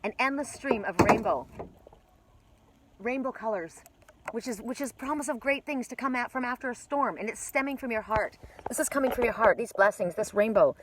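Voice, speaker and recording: A woman giving an oracle card reading outdoors by the water, talking excitedly and breaking into gasps and exclamations. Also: on the high side, moderate pace, background noise.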